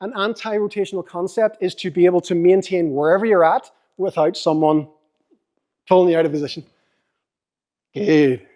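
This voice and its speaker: A man's voice: high voice, fairly even intonation, normal speed, pauses often, mellow. A young man with a Northern Irish accent coaching a volunteer through core exercises in a seminar, upbeat and joking. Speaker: fitness coach. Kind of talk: seminar demonstration.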